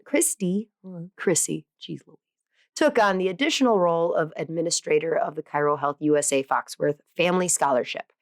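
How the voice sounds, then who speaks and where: A chatty woman hosts a podcast in a casual, bubbly monologue. Her voice sits a little low and sounds close and dry, and she peppers her talk with fillers and self-deprecating asides. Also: no room sound. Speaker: podcast host.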